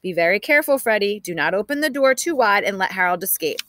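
A woman's voice: mid-range voice, lively intonation, quick pace, fairly bright tone, no room sound, lightly acted. A woman voicing a firm but loving mother who lays down house rules, reading a children's book aloud. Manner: firm, scolding.

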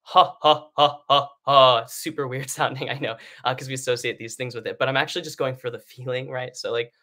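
On what sounds like a live stream, a singing teacher, a man, runs through breathing drills at a quick clip. He keeps things conversational, full of fillers and repeated "right?" checks, and his tone is bright and forward at a typical middle pitch.

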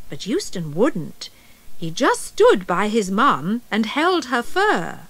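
A woman narrating a children's story tape in a slow, expressive reading voice. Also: on the high side.

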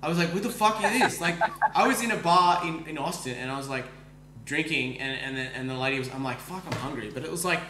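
An Australian man hosting a podcast, telling a story in fast casual speech full of likes, swearing and restarts. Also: a little high, reverberant, noisy background. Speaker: podcast host. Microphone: streaming microphone.

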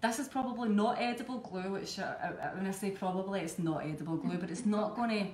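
A woman's voice: medium pitch, brisk, a little mellow, a little hiss or hum. A woman with a Scottish accent, chatting her way step by step through a live cake-decorating demonstration. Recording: echoey room, faint background ambience.

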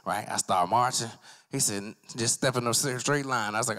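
Male stand-up at an open mic, mid voice, loose profane storyteller who leaps high to play other people in his stories. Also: lively intonation, normal speed, pushed and bright. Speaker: stand-up comic. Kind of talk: stand-up comedy set. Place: comedy night stage at an arts center.

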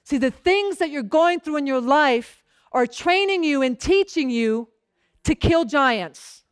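A woman's voice: lively intonation, measured pace, dry recording, clean studio sound. A woman pastor preaching a sermon in a conversational storytelling way, often checking in with the congregation and acting out bits of dialogue. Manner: acts out short bits of dialogue in a lowered voice.

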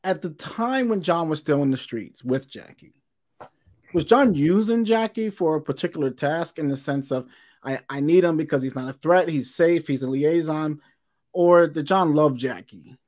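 A man's voice: on the high side, normal speed, a little mellow. A man hosting an interview, asking long, probing questions. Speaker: host.

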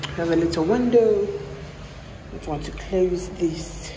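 A prim, theatrical lady, put on by a woman vlogger, tours an apartment in stiff, formal phrases with a French flourish. She speaks slowly in a lowish voice. A steady hiss of background noise runs under her. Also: close to an everyday voice, poor audio. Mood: haughty. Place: rented apartment indoors.

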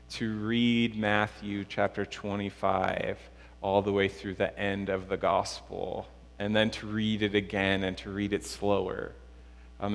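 A man preaching as a pastor, unhurried and pausing often with fillers, praying and reading scripture in a church. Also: lowish voice, a bit bright. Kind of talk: sermon with prayer and scripture reading. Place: church sanctuary. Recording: long church reverb.

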